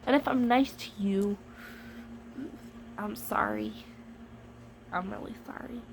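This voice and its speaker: A woman's voice: medium pitch, takes it slowly, gravelly, noisy background. Chatty, jokey woman vlogger. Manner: chatty, jokey, playfully dramatic. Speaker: vlogger reviewing a storybook device. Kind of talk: casual chat to camera.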